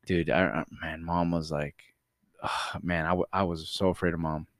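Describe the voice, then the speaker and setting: A young man co-hosting a podcast, telling animated stories in casual chat, swearing and saying "dude" a lot. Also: low voice, moderate pace, dry recording, clean studio sound. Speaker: podcast co-host.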